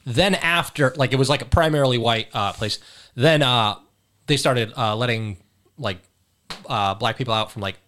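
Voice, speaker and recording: A man's voice: medium pitch, normal speed, fairly bright tone. A man co-hosting a casual chat, jokey and crude, given to rants. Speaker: podcast co-host.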